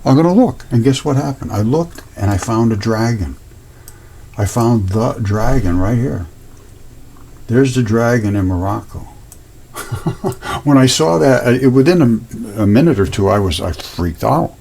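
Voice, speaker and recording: A man's voice: mid-range voice, animated, measured pace, gravelly, pauses often, a little mellow, slight background noise. A man hosting his own channel, talking casually and earnestly over images, rambling and repeating himself. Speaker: host.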